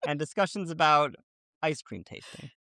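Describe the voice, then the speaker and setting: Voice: medium pitch, animated, moderate pace, pushed and bright, no room sound, studio quality. A podcast co-host in casual chat, wry and blunt, often laughing along.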